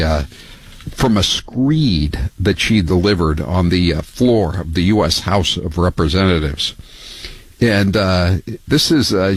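An older man hosting a talk radio show, talking in a halting way with many fillers and mocking asides. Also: deep voice, breathy edge, no room sound, poor audio. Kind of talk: talk radio monologue and calls.

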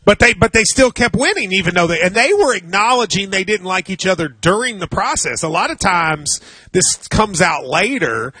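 A man with a high, bright, forceful voice hosts a sports radio show with an animated, teasing manner. His tone is a little husky and sits close and dry on the mic. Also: normal speed, no room sound. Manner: teasing, conversational, animated storytelling. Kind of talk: sports talk radio chat.

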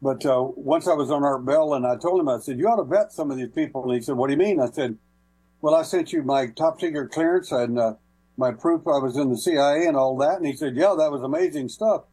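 On a call-in radio program, a guest tells casual, folksy stories full of hesitations and little laughs. His voice is on the high side, dark in tone with a breathy edge, and he speaks fast over a rough recording.

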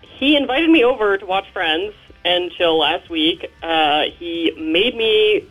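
A woman's voice: lowish voice, expressive, slow, fairly bright tone, soft background music, rough recording. A woman calling in who speaks in a blunt, dismissive way. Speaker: caller.

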